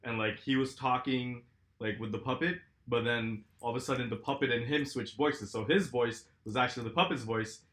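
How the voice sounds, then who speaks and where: A man's voice: medium pitch, fairly even intonation, brisk, fairly bright tone. A young man co-hosting a podcast, rambling casually, laughing and swearing with his friend. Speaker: podcast co-host. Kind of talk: casual chat.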